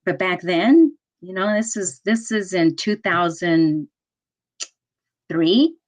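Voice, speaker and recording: A middle-aged woman in code enforcement, telling a work story in a panel talk, animated and laughing often. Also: on the low side, slow. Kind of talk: panel discussion, personal story.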